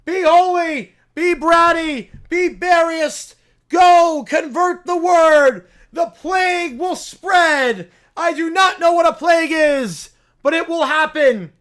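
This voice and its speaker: A man voicing a fanatical young male bear who preaches and shouts commands at his followers, reading a comedy story aloud on a livestream. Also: slow pace, heavily acted. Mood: frenzied shouting. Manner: booming, declaiming sermon-like commands.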